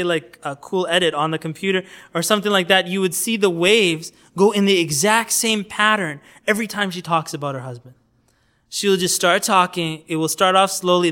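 A man gives a casual religious talk, his voice pitched high with a bright edge. He teaches by storytelling and slips into the voices of the people in his examples. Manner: animated storytelling, acts out quoted voices. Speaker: Islamic preacher teaching outreach. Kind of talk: informal religious lecture.

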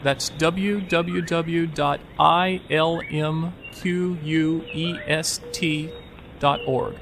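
Male announcer, slightly high voice, slow read, faint hiss behind. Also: fairly even intonation, creaky, fairly bright tone. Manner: slow, spelled-out delivery.

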